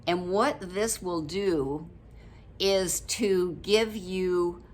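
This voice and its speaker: An older woman in her late seventies talks casually to her viewers, unhurried and low-pitched. She rambles warmly through her thoughts with plenty of ums and laughs. A faint room ambience sits behind her voice. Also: slight background noise. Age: 70s. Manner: chatty and rambling, many ums, frequent laughs. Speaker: vlogger reviewing a book. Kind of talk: casual chat to camera.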